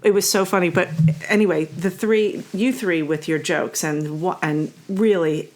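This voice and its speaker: Woman, podcast co-host, somewhat low voice, chatty, animated storytelling. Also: measured pace. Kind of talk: casual conversational chat.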